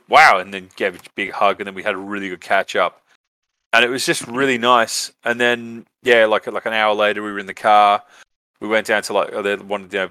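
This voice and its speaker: Australian man, podcast host, rambling casual storytelling, swears a lot, low voice, bright tone. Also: smooth, no room sound. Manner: rambling, swears freely, many fillers.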